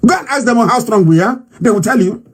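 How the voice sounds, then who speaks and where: Fiery husky Nigerian man, wide swings. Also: sits high, lively intonation, a little fast. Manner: fiery, defiant, repeats phrases for emphasis, shouts. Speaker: political movement leader giving a live address. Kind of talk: impassioned political broadcast speech.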